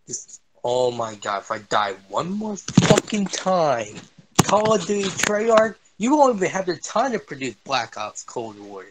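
Young male streamer, raging gameplay rant, higher voice that jumps all over, slow delivery. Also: big pitch swings, slight background noise. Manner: swearing, yelling at the game. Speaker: gaming streamer. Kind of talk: angry gameplay commentary.

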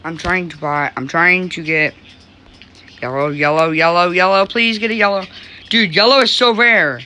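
A woman chatting casually while playing an online game, talking along and breaking into excited cries. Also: on the low side, normal speed, noisy background. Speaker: gamer.

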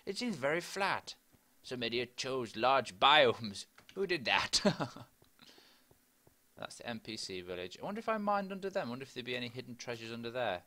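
A man's voice: mid-range voice, sharp tone. A young man chatting and rambling to himself as he plays Minecraft. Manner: chatty, rambling, talks to himself while playing. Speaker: gaming video host. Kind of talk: casual Minecraft let's play commentary.

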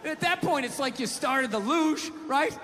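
At a large comedy venue, a male stand-up comedian rants and swears through exasperated stories for a live audience, with crowd laughter filling the hall. His voice is very high, his delivery unhurried, and the background is noisy.

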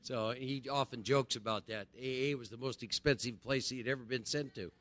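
A middle-aged man gives a spiritual recovery talk to a group in a conversational way, repeating phrases and often asking "right?" to check in. His voice is medium-pitched, brisk, and somewhat bright.

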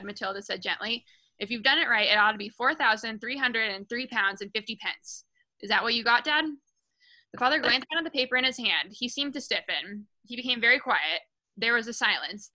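A woman with a very bright, fairly high voice reads a children's novel aloud to a book club. She reads in a casual, unpolished way, trips over words and corrects herself, and lifts her voice when the characters speak. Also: poor audio. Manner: casual reading with restarts and self-corrections; raises her voice for quoted lines.

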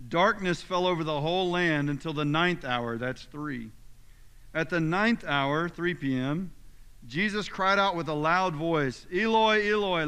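A man's voice: on the high side, pushed and bright, clear, resonant tone. A male pastor delivering a sermon, reading scripture with emphatic, dramatic force. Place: church sanctuary. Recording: long reverb of a church hall.

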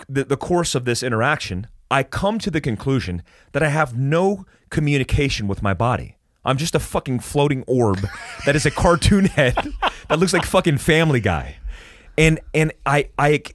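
This American podcast guest has a medium-pitched voice, captured cleanly in a studio with no echo. He spins a wild tale in a casual interview, animated throughout, cursing a lot and frequently starting sentences over.

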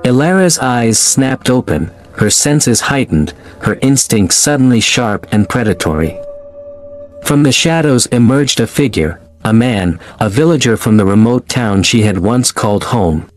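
A man narrating a scripted horror story in a measured, dramatic way. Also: medium pitch, animated. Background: faint music.

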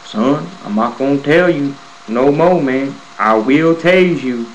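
A stern male prison corporal, put on by a man retelling a story speaks in calm, measured tones. He delivers formal warnings firmly and without rushing. The voice sits at an ordinary middle pitch. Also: lo-fi sound, slight background noise.

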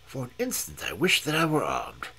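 A man reading a story aloud, narrating dramatically with wide swings and a husky tone. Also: medium pitch, huge pitch swings, moderate pace, sharp tone. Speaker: reader. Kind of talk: audiobook reading, live stream.

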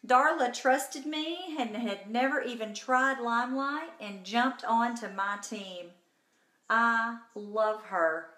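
Bubbly and chatty, a woman runs a casual live makeup tutorial, greeting viewers by name. Her slightly high voice is bright and forceful, and she takes things slowly. A phone records her in an echoey room at home.

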